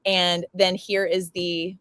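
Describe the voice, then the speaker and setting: A woman's voice: fairly low pitch, flat delivery, takes it slowly, a bit bright, no room sound. A woman hosting a talk show and interview, gushing and effusive as she speaks. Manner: effusive and gushing, easily choked up. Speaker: show host.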